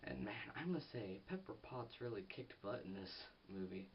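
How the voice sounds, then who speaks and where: A teenage boy rambles excitedly through a casual film review, restarting sentences and losing his thread. He sounds set back from the microphone, and the audio is dull and lo-fi with a faint hiss underneath. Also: fairly low pitch, moderate pace, vocal fry, far from the mic. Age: teens. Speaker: movie reviewer.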